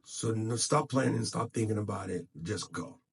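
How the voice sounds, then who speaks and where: A man's voice: on the low side, moderate pace, creaky, slightly rough. A man talking casually to camera, encouraging other podcasters in a tired voice, recorded on his phone. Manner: encouraging, motivational, loose and unscripted.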